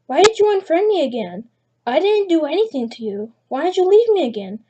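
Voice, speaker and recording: Woman putting on a fake little-girl voice, man posing online, needy, pushy, high pitch, mellow tone. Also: very animated, brisk, lo-fi sound. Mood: pleading. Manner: pleading, then demanding.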